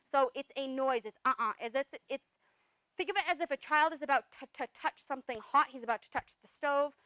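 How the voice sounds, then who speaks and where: A woman dog trainer explaining commands step by step, breaking off to give sharp corrective noises and praise. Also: sits high, fairly quick, no room sound, low-quality recording. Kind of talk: instructional demonstration.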